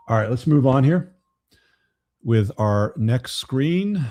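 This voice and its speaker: A man's voice: medium pitch, animated, slow, mellow. A man hosting a live commentary show, talking bluntly with frequent profanity. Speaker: host.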